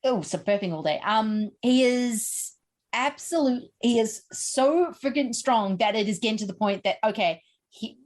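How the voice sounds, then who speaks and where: A woman hosting a podcast, chatting casually and excitedly about horror films, with plenty of "like" and mild swearing. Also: medium pitch. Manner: chatty, animated, swears for emphasis. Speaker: podcast host. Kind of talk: casual chat.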